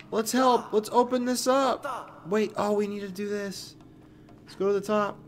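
A man giving excitable, joking let's play commentary on a game, swearing and talking back to the screen. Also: high-pitched, measured pace. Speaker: gaming commentator. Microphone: new desk mic with webcam.

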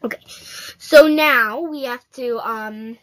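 A woman's voice: on the high side, slow pace. A female gaming host giving casual, playful commentary straight to her viewers while she plays.

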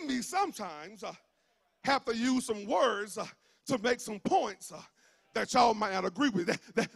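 A pastor from Georgia with a Southern accent, preaching a fervent sermon that swings from shouts into a sing-song cadence, with many "uh" fillers. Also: male voice, very high-pitched, vocal fry, husky. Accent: Southern US (rural Georgia). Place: church sanctuary.

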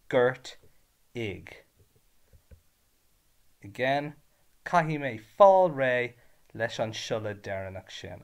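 A man's voice: mid-range voice, gravelly. A man with an Irish accent teaching a revision lesson, patient and spelling words out syllable by syllable.

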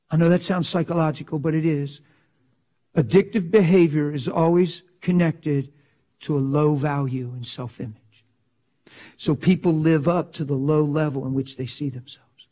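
A man preaching a sermon, emphatic and dramatic, swinging from loud to hushed. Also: fairly high pitch, a little slow, long pauses.

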